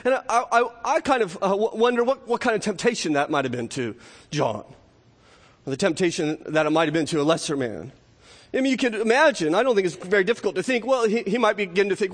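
A man's voice: high voice, lively intonation, quick pace. A male pastor preaching a sermon in an earnest style, often restarting phrases and adding rhetorical asides. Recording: long hall reverb.

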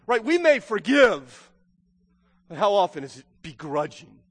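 A man's voice: high voice, very animated, measured pace, a bit bright. A man preaching a sermon as pastor, earnest, repeating words and building to emphatic questions. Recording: long hall reverb.

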